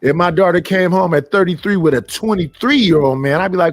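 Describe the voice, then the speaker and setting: Faint music plays behind a middle-aged man whose voice is high and fairly fast. As host of a live stream, he rants bluntly and profanely, lecturing the people watching.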